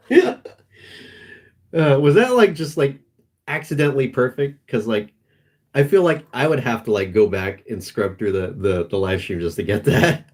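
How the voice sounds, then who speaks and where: A man streaming live, chatting casually in a rambling, halting way full of restarts. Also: medium pitch, a little mellow. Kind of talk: casual livestream chat.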